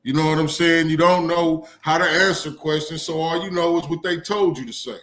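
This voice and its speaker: A man's voice: a little high, steady tone, a little fast, a bit bright. A man co-hosting a casual live-stream chat, laid-back and rambling, with frequent swearing.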